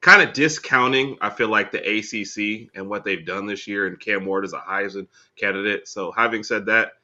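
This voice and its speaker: A man's voice: fairly low pitch, normal speed, pushed and bright, muffled recording. A man co-hosting a casual sports podcast, wry and joking. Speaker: podcast co-host.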